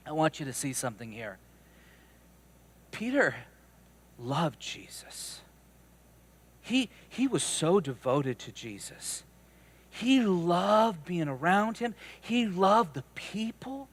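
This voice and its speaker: High-voiced, animated male pastor. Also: unhurried. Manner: animated, conversational, stammering restarts. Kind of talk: sermon.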